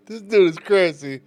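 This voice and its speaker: A man hosting a reaction video, giving slow, laughing asides. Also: high voice, very noisy. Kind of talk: reaction commentary.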